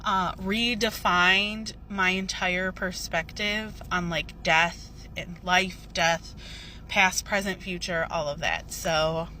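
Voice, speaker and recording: A woman's voice: on the low side, slow, a little hiss or hum. A woman casually retelling a vivid dream, full of fillers and quoted dialogue. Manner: filler-heavy, animated retelling. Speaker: storyteller recounting a dream. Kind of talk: casual storytime.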